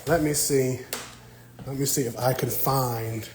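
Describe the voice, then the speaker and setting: A man chats with his live-stream viewers in a relaxed, playful way, teasing them as he goes. His voice sits at an ordinary pitch and is picked up on a phone inside a quiet library, with a faint hiss in the background. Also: measured pace. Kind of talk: casual live-stream chat. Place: indoor library.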